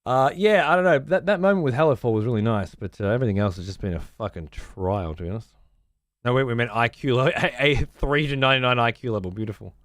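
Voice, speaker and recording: A man's voice: mid-range voice, fast talker, a bit bright, dry recording, clean studio sound. A man ranting casually as a streamer, sarcastic, profane and exasperated.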